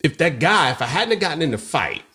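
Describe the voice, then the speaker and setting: A man's voice: fairly high pitch, sing-song, fast, pushed and bright. A man co-hosting a podcast, telling a personal story in casual chat and acting out the voices of people he quotes. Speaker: podcast co-host.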